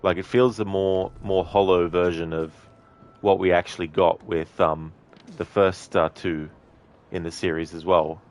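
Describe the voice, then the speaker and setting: A man's voice: sits low, fairly even intonation, a little slow. A man streaming a video game, chatting casually and reading out his chat's messages. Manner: chatty, reads out chat messages, laughs often. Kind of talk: casual gameplay commentary.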